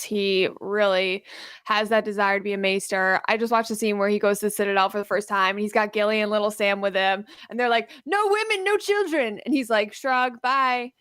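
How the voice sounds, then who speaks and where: A woman co-hosting a casual podcast, giving blunt opinions in an animated way. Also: mid-range voice, brisk, smooth, no echo. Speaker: podcast co-host.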